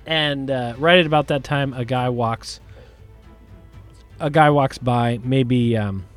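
A man narrating as game master, describing the scene in a relaxed, hedging way. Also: medium pitch, takes it slowly, soft background music. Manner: relaxed, descriptive, many hedges.

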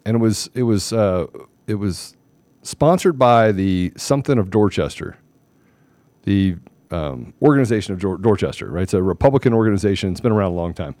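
The host of a political commentary show speaks a little fast in a fairly low voice, recorded at studio quality with no room sound. He tells stories emphatically and with animation, acting out the dialogue.

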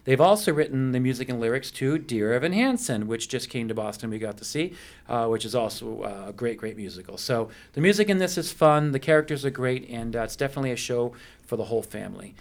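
A middle-aged man hosts a local radio program from a studio. His delivery is loose and chatty, full of ums and playful asides, at an ordinary mid pitch for a man. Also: animated, fast. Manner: chatty and playful, with many fillers. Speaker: radio show host. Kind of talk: casual radio interview.

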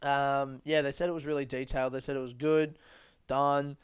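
A man's voice: medium pitch, level tone, moderate pace, smooth. Rambling, sweary young man. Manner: rambling, sweary and self-mocking. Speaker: podcast host. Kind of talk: casual solo podcast chat.

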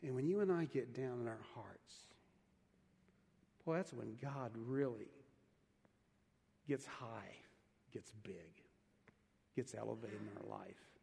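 A man preaching a sermon as a pastor, guiding the congregation through a quiet breath prayer and often repeating words as he restarts a sentence. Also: mid-range voice, slow pace, vocal fry, pauses often, in a large hall.

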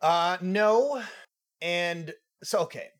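A man's voice: sits high, very slow. A man hosting a casual film podcast, asking questions in a playful way. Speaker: podcast host. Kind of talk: casual film review chat.

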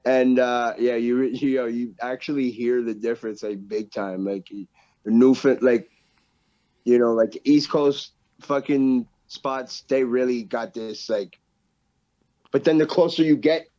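A man's voice: mid-range voice, measured pace. Slangy man in a casual podcast chat. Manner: animated slangy talk, heavy swearing, many "bro" and "yo". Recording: dull lo-fi sound.

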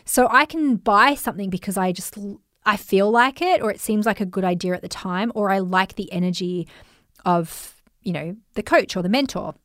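A woman with an Australian accent hosting a podcast, telling stories in a chatty, animated way and acting out the voices of people she quotes. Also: mid-range voice, normal speed, no echo, clean studio sound. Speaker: podcast host. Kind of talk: casual storytelling monologue.

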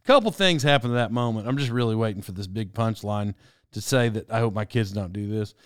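A man's voice: fairly low pitch, a little fast, smooth, no room sound, clean studio sound. A middle-aged man telling a casual personal anecdote, rambling and self-mocking, with lots of fillers and chuckles. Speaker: storyteller.

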